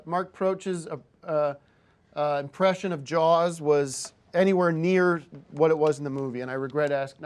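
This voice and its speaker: Angry, high-voiced man berating someone. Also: fairly bright tone. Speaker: show host. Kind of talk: heated on-air argument.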